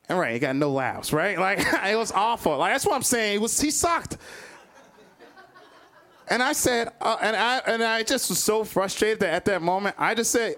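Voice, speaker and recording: A man telling a personal story live, animated, chuckling between lines and acting out other people's voices. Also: fairly high pitch, moderate pace. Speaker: storyteller, comedian.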